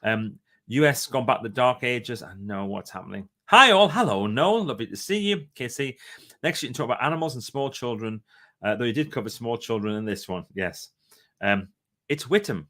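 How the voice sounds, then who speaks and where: A man's voice: mid-range voice, bright, forceful tone. A middle-aged man hosting a casual livestream, reading viewer comments aloud in a chatty, playful way. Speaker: livestream host.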